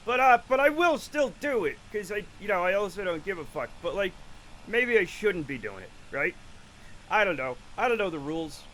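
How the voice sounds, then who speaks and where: A man in his late forties rambles through a casual live stream, swearing freely and poking fun at himself. His voice sits high for a man and jumps around constantly, with a faint hiss of noise underneath. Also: very animated, normal speed, fairly bright tone, low-quality recording. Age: late 40s. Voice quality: rambling, profane, self-mocking.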